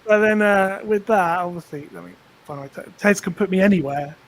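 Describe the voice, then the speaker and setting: High-voiced playful man co-presenting. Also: normal speed, a little hiss or hum, poor audio. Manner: playful, jokey, dramatic mock panic. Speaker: guest co-presenter. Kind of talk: casual live-stream chat and comic skit narration.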